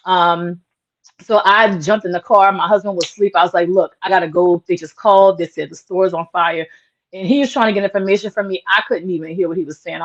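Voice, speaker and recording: Woman telling her story in an interview, real earnest, says like a lot, kinda muffled lo-fi audio. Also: on the low side. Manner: earnest, emotional, many "like" fillers. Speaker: interview guest, small business owner. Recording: dull lo-fi sound.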